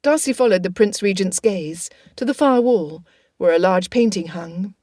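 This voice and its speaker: A woman narrating an audiobook in a steady, even reading. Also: mid-range voice, normal speed, no room sound, studio quality.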